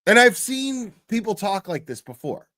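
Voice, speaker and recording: A man's voice: sits high, big pitch swings, normal speed, pushed and bright, no echo, clean studio sound. A man hosting a casual reaction show, talking bluntly with lots of swearing and filler words. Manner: blunt, swears a lot, rambling with many fillers. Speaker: commentary host. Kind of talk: casual profane reaction commentary.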